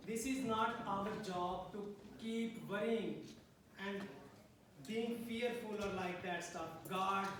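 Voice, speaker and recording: A man's voice: high voice, slow pace, noisy background. A man who speaks English as a second language, preaching a sermon to a congregation and asking "Amen?" again and again. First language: not English. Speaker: pastor. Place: church hall. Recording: echoey room from a distance.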